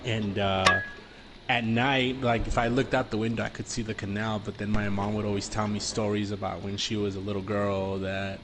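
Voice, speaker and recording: A man's voice: fairly low pitch, normal speed, background noise. A young man from the US-Mexico border region, telling stories casually with lots of fillers and swearing. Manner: relaxed, swears freely, many fillers. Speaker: podcast guest. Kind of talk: casual storytelling chat.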